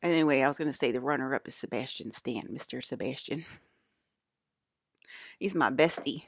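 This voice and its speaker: A woman's voice: very deep voice, moderate pace, creaky, breathy edge, dry recording, clean studio sound. A woman talking straight to her viewers in a loose, rambling monologue, swearing freely and laughing often. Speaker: vlogger.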